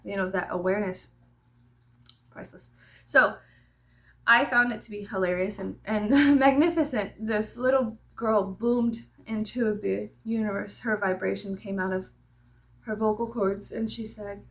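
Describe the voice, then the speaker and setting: A woman vlogger chatting casually, telling an animated, profane story with laughing asides. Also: mid-range voice, normal speed.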